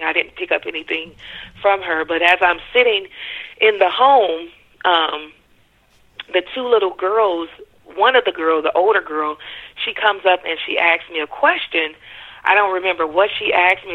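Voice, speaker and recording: A caller calmly retelling a dream in casual speech, often pausing with fillers and restarting sentences. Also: mid-range voice. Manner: hesitant, with frequent fillers and restarts. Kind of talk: casual spoken storytelling. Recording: narrow telephone line.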